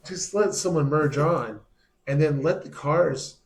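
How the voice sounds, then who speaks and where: A man chatting casually as a musician guest, telling stories in a soft, laid-back way with some swearing. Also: fairly high pitch, measured pace. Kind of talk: casual chat.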